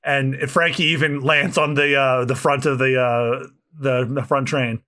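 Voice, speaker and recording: A man co-hosting a podcast, reading a manga aloud with asides, in an animated way. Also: mid-range voice, measured pace. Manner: animated, reads with asides and laughs. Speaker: podcast co-host.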